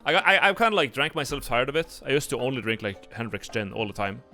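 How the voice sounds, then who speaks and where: Young man, streamer, animated pitch, blunt, profane, jokey, faint music behind. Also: quick pace. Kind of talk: casual livestream commentary. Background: faint background music.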